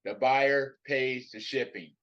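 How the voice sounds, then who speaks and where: A man giving practical advice in casual live stream chat, speaking plainly with some halting restarts. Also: medium pitch, fairly bright tone, dull audio.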